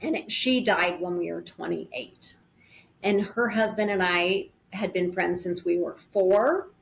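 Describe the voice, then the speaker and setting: A woman's voice: on the low side, measured pace, gravelly. A woman guest in an interview, speaking in an earnest, thoughtful way and explaining her ideas through vivid imagery. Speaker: podcast guest on grief. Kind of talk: reflective conversational interview.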